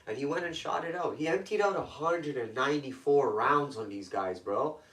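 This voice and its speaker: Guy from toronto telling rough stories, blunt and swearing a lot, kinda far from the mic. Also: medium pitch, a bit bright. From Toronto, Canada. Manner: blunt, profane, rapid street talk. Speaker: guest. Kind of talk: intense personal storytelling. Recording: echoey room, voice off-mic.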